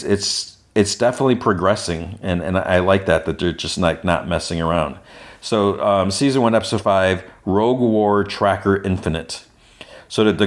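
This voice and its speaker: A man hosting a podcast, casually recapping a TV episode in a rambling way, with frequent restarts and quick quoted lines from the characters. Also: low-pitched. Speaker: podcast host.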